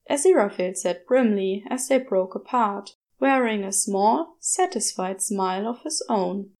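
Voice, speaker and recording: A woman reading fan fiction aloud as a gentle, expressive storyteller. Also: medium pitch, unhurried, creaky, few pauses. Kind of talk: storybook narration.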